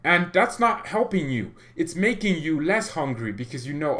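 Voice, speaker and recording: Rambling excitable man on a livestream. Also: a little high, normal speed, few pauses. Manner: rambling and excitable, many restarts. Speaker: fan channel host. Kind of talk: livestream football chat.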